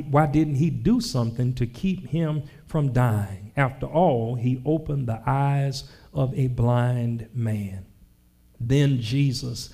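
A male pastor delivers a sermon, lingering over scripture in a slow, deliberate cadence. His voice is dark and gravelly, and he breaks into playful asides between the verses. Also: mid-range voice. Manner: slow, dramatic scripture reading with comic asides.

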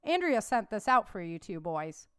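A gracious homesteader woman who speaks in a kind, polite way. The woman reading voices her in a clear, smooth, dry-sounding voice. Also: mid-range voice, very animated, moderate pace, no room sound, natural voice.

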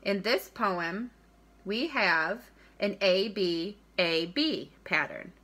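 Bright-voiced woman teaching children slowly. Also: mid-range voice, expressive. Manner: slow, deliberate, stresses key words and repeats them. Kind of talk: recorded classroom lesson for children.

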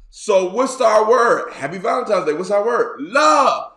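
Male bishop, hoarse, playful with loud outbursts, higher voice, roomy echo. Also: lively intonation. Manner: playful, joking, drawn-out repeats and sudden loud bursts. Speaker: bishop and pastor. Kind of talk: casual online sermon.

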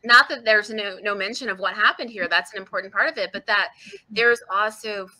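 A woman's voice: mid-range voice, a little fast, rough recording. A woman in her forties, a book author talking as a podcast guest, telling stories expressively and laughing readily. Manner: expressive, laughs readily, acts out quoted voices. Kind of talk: animated conversational storytelling.

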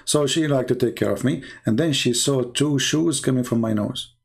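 A man's voice: mid-range voice, normal speed, gravelly, husky. A man telling a joking, sarcastic story in a rambling way. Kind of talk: mocking storytelling.

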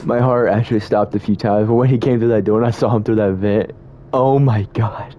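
A man's voice: on the low side, fairly even intonation, a little fast, lo-fi sound, slight background noise. A young man commentating a horror game, talking to himself, swearing and panicking at scares. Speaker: gamer playing a horror game. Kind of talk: let's-play commentary.

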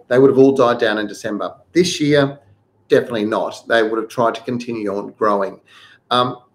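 Hosting a gardening program live, this medium-pitched, middle-aged man answers his audience. He first reads each viewer question aloud and follows it with practical tips.

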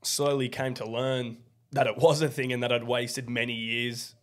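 A hoarse young man in his twenties with a raspy voice, chatting loosely as a podcast guest, full of fillers. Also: medium pitch, little pitch movement, normal speed. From Australia. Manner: loose, rambling, many fillers. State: hoarse from partying. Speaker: guest comedian. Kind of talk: casual podcast chat. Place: rented co-working room, not soundproof.

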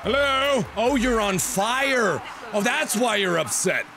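Excitable, high-voiced gaming commentator man. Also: slow pace, gravelly, over music. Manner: excitable, goofy, swears and exclaims often. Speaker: gameplay commentator. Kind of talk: comedic gameplay commentary.

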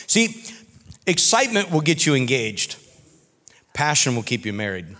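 A man preaching a sermon as pastor, telling folksy stories in an animated way. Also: a little high, normal speed. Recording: reverberant church hall.

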